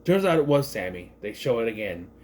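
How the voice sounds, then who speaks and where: A man reviewing a film in a loose, unscripted way, his pitch swinging up and down a lot as he talks. He rambles, restarts sentences and corrects himself mid-thought. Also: very animated, fairly quick, a little mellow, a little hiss or hum. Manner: rambling, self-correcting, thinks aloud with many restarts. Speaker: movie reviewer. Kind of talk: casual spoken movie review.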